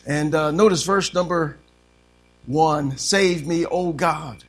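A man preaching an impassioned sermon, reading scripture fervently and swinging from hushed tones to shouting. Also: fairly high pitch, slow pace.

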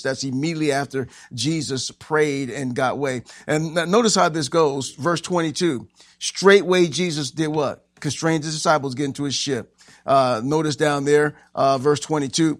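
A man preaching a sermon as pastor, animated and acting out the scenes he tells. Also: medium pitch, moderate pace, no room sound, studio quality. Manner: animated, acts out scenes with shouting voices.

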